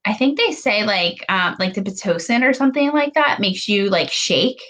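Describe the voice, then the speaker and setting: Young woman telling her story, chatty, lots of "like", mid pitch. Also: lively intonation, a bit bright, rough recording. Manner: fast, chatty, full of "like" fillers. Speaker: podcast guest. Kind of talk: emotional personal storytelling.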